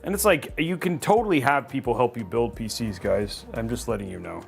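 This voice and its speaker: A man hosts a livestream PC build, chatting casually and making self-deprecating jokes, with plenty of "like"s. His medium-pitched voice is brisk and creaky, and soft music plays in the background.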